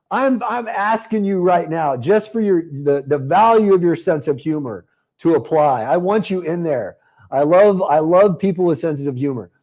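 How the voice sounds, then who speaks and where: A man hosting a live webinar, pitching a marketing program in a chatty, upbeat way and answering viewers by name. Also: darkish tone.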